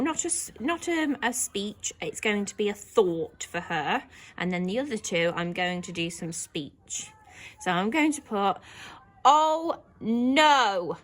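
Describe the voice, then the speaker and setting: Slow, lively English woman teacher. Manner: slow and clear, acting out characters' lines in big high voices. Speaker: primary school teacher. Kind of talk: teaching a recorded lesson to young children.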